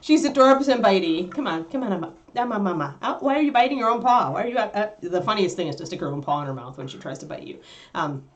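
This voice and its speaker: Woman host, casual stream chat, lively sing-song delivery, laughs easily, slips into a cooing voice for her dog. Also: mid-range voice, fast, lo-fi sound. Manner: animated, laughing, coos at her puppy. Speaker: livestream host.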